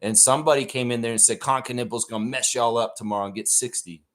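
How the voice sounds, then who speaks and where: Profane, animated man hosting a live stream. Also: medium pitch, fast talker. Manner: profane, animated rant reading chat. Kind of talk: casual live stream chat.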